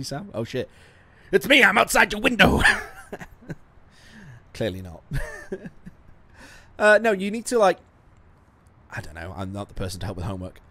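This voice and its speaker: A man casually commenting while playing a game, chatty and self-mocking, swearing often and laughing a lot. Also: medium pitch. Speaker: streamer.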